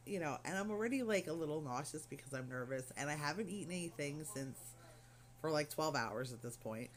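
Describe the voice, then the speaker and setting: A woman's voice: low-pitched, expressive, fairly quick, slight background noise. Chatty middle-aged woman rambling a story. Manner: rambling, chatty, lots of fillers and asides. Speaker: craft vlogger. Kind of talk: casual storytelling vlog.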